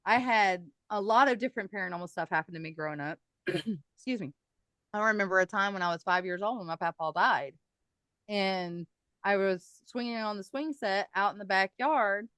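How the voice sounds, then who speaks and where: A middle-aged woman recounts her eerie experiences with animated, chatty energy. Her voice sits at an ordinary pitch and sounds dry and close. She breaks into laughter often between stories. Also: normal speed, clear, resonant tone, dry recording. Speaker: guest paranormal investigator. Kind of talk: casual podcast storytelling.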